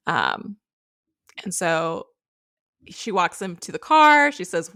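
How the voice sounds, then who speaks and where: A woman's voice: medium pitch, a little slow, vocal fry. A woman co-hosting a podcast, recapping a reality show in casual, chatty storytelling. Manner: chatty, animated storytelling with acted quotes. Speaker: podcast co-host.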